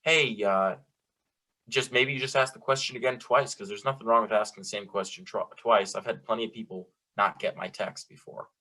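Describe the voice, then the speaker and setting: A man's voice: lowish voice, fairly even intonation, brisk, few pauses, sharp tone. A man co-hosting a casual advice chat, speaking earnestly and laying out his points. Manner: earnest, explanatory, chimes in to finish points. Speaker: podcast co-host.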